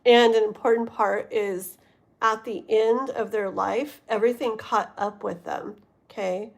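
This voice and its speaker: Slow-talking woman reading tarot live. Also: fairly high pitch, fairly even intonation, gravelly. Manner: rambling, keeps checking in with listeners. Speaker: tarot reader.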